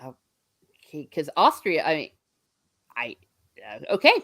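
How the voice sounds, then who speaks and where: Irish woman host, low and expressive, chatty and giggly, dry close sound. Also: slow, dry recording. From Ireland. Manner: lively, laughs often, chatty. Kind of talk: casual book discussion.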